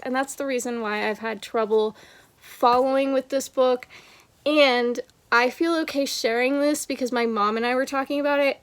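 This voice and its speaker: A young woman talking through her month of reading in a casual home vlog, chatty and expressive, reading short passages aloud softly. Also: a little high. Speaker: book vlogger.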